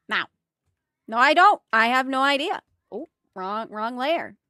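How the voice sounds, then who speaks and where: Giggly high-voiced woman streamer. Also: expressive, slow pace, sharp tone, no echo, studio quality. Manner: giggly and exclamatory, talks to chat. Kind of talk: casual live-stream chat while drawing emotes.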